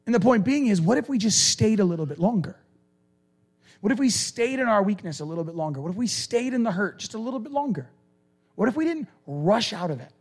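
A male preacher giving a conversational, animated sermon and acting out quoted lines. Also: high-pitched, a little fast, slightly rough.

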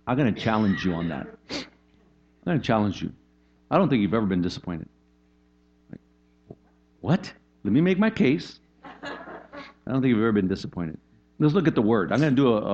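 Animated male pastor preaching, lo-fi. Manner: animated, conversational preaching with frequent "right?" and pitch leaps. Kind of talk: sermon. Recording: dull lo-fi sound.

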